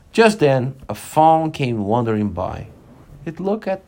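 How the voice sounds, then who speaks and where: A man's voice: mid-range voice, big pitch swings, unhurried, darkish tone. A man reading a children's book aloud to young listeners, stopping patiently to explain words and scenes.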